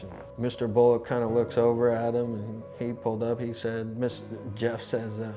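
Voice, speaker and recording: A low-voiced man recounts his experience for a documentary, talking in a loose, conversational way full of restarts and asides. Music plays clearly underneath him. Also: a little slow, hardly any pauses. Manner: conversational, animated, with many restarts. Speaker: insurance adjuster. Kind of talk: documentary storytelling.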